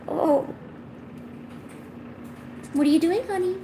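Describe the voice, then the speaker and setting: A woman chats on her home art stream and coos sing-song baby talk at her cat between asides to viewers. Her voice sits a bit high with a gravelly fry at the ends of phrases. A faint hiss runs under the recording. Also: lively intonation, a little slow, long pauses, warm tone. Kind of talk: casual live-stream chat.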